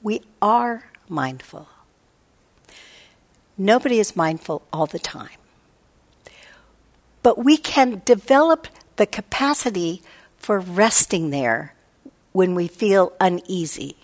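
A woman's voice: medium pitch, lively intonation, takes it slowly, pauses often. A woman meditation teacher giving a reflective dharma talk, often voicing her own inner thoughts. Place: meditation hall.

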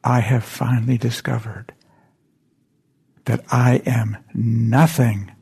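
A man's voice: medium pitch, steady tone, slow pace, gravelly, dark tone, breathy edge, full character voice. A man quoting a solemn weeping old master.

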